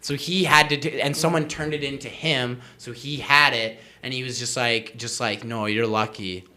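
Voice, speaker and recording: A man's voice: mid-range voice, steady tone, normal speed, sharp tone. A young man, a podcast guest, telling a rambling, self-mocking story in casual chat, often laughing.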